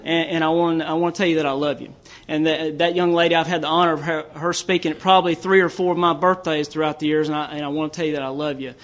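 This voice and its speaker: A Southern US man giving a recovery talk at a conference, telling folksy stories that build to joke punchlines. His voice sits high for a man, and he often stammers and restarts mid-sentence. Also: level tone, fast talker, few pauses. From Tennessee, US. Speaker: AA speaker.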